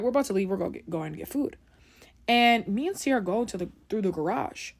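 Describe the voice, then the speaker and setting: A woman's voice: on the high side, slightly rough. Brief: young woman, casual storyteller, chatty, keeps checking in with the listener. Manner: chatty, keeps asking "right?".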